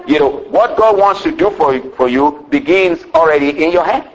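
Preaching man, higher-pitched voice. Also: lively intonation, normal speed, low-quality recording. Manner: call-and-response preaching, rising to shouts. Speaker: pastor. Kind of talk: sermon.

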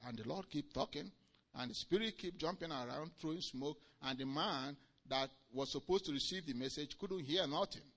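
A male preacher delivering a sermon with emphatic swings between loud declarations and quiet asides. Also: on the high side, normal speed.

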